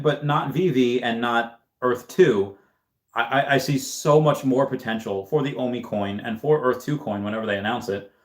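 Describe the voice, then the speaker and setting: Man, livestream host, casual chat, rambling, halting, mid-pitched. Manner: rambling, halting, many fillers and restarts.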